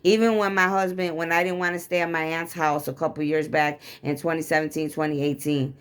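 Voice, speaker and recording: A woman's voice: low-pitched, flat delivery, brisk, smooth. A woman from the Chicago area giving an emotional, rambling, profanity-laced confessional rant to camera. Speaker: vlogger.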